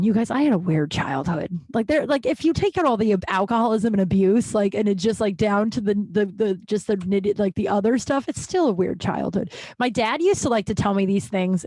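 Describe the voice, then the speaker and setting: A woman's voice: mid-range voice, a little mellow, no echo. Rambling woman podcast host, dry sound. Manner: rambling, self-correcting, laughs at her own stories. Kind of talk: candid personal storytelling.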